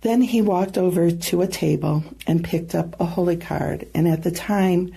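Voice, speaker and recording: A woman guest earnestly recounting a personal testimony, with halting pauses and soft asides. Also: lowish voice, gravelly, slightly rough. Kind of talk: personal storytelling.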